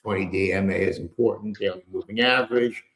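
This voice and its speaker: A man's voice: low voice, steady tone, brisk, a bit bright, echoey room. A man hosting a live trading stream, giving casual market commentary in a rambling, wry way with loose asides and mild cursing. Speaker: trading show host. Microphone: earpiece with a microphone.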